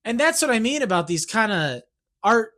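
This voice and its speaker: Give me a man venting on his channel, rambling and restarting, bright edgy tone. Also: high voice, very animated, moderate pace. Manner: rambling, self-interrupting, keeps asking "right?". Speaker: YouTuber and songwriter. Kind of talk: ranting monologue.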